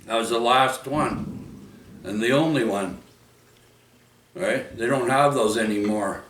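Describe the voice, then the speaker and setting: Rambling man, slow and echoey. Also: mid-range voice, fairly bright tone, far from the mic. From Vancouver, Canada. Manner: rambling, frequent restarts and interjections like "oi" and "right?". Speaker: vlogger. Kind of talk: rambling casual storytelling. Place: indoors at home. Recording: roomy echo, speaker away from mic.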